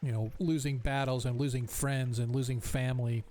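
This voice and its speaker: A man's voice: mid-range voice, steady tone, moderate pace, warm tone. A man narrating a tabletop game as game master, rambling with many fillers.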